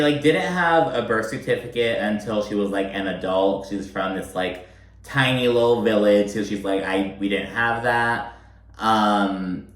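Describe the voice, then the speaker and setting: A man's voice: fairly low pitch, fairly bright tone. A young man giving a casual, swear-laden recap of a reality show, full of "like" fillers. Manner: chatty, swears freely, many "like" fillers. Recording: very echoey room.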